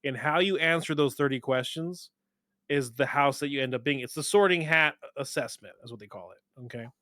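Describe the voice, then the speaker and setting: A man's voice: medium pitch, fairly quick, no room sound, studio quality. A young adult man hosting a casual movie chat, telling stories with a lot of swearing and laughter. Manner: animated, swearing, laughing storyteller. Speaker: podcast host.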